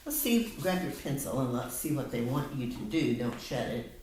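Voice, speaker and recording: A woman with a very deep voice gives a patient one-on-one reading lesson, coaxing and slowing down to model words. She sits back from the microphone in an echoey room, and a faint hiss runs underneath. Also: expressive. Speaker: tutor. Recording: echoey room, mic at a distance.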